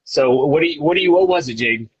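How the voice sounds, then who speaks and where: Husky young man hosting a silly game. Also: a little high, no echo. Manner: teasing, gives rapid instructions. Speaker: youth ministry host. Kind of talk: playful casual game hosting. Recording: dull lo-fi dry recording.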